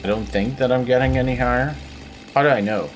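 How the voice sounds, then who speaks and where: A man's voice: mid-range voice, quick pace, soft background music. A tired man with a Belfast accent, rambling through casual gameplay commentary and joking at his own expense. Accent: Northern Irish, Belfast. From Northern Ireland. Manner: rambling, self-deprecating, repeats words. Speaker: gaming video host.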